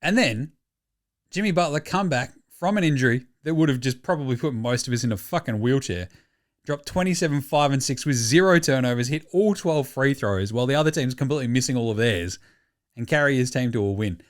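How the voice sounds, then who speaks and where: Speaking briskly at a medium pitch, an Australian man hosts a sports podcast. He jokes around and swears freely in animated, casual chat.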